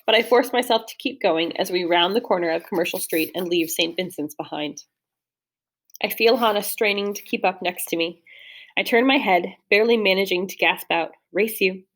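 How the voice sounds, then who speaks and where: A young adult woman reads a first-person novel as an audiobook narrator, keeping a steady storytelling pace with the odd slip and restart. Her voice is mid-range, and her speed is normal.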